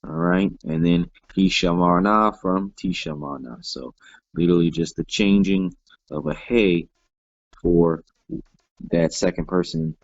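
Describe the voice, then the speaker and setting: Slow, deep-voiced man teaching grammar. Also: dry recording. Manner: patient, explains step by step, many "all right" fillers. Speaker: Hebrew teacher. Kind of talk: classroom grammar lesson. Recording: dull lo-fi dry sound.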